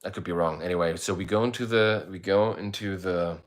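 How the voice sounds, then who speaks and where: A man's voice: deep voice, brisk. A middle-aged man who plays in a band, chatting casually on a livestream and telling a long, rambling story with free swearing. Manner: laid-back, rambling, swears freely, reads out viewer comments. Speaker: musician hosting a livestream. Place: indoors, streaming while away on travel.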